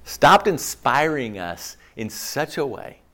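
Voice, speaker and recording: A man preaching a sermon in an animated, rhetorical way, often checking in with the congregation. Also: medium pitch, slow. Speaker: pastor.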